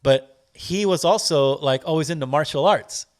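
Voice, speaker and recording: Higher-voiced man telling a casual story. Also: normal speed. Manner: loose, profane, acts out scenes with quoted voices. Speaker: podcast guest.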